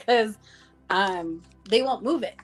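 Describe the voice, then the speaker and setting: A woman's voice: medium pitch, lively intonation, takes it slowly. Heartfelt woman telling stories over faint music. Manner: heartfelt storytelling, acting out dialogue, many "like" fillers. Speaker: interview guest. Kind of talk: casual conversation.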